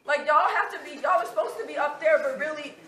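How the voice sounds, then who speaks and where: A woman's voice: high-pitched, fast talker, a bit bright. A teenage girl, a student, giving a heated public comment at a school meeting, defiant and laughing between words. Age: teens. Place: crowded school meeting room. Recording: echoey room, distant mic, crowd noise.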